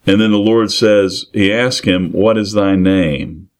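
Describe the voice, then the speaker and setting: A man's voice: fairly low pitch, a little slow. A man preaching an expository sermon. He talks earnestly and plainly, reading scripture aloud, then repeating and restarting phrases as he explains it.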